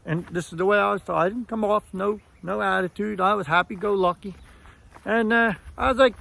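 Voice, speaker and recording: Older New man, higher-pitched voice, blunt and profane vlog rant. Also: steady tone, brisk, vocal fry, bright, forceful tone. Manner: blunt, profane, retells with quoted dialogue. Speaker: vlogger. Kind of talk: angry rant to camera.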